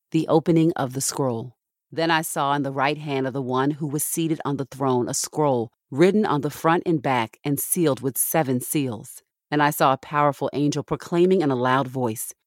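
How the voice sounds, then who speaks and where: A woman reading Bible passages aloud in a measured, steady way, pausing between verses. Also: low-pitched, no room sound, clean studio sound. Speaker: scripture reader.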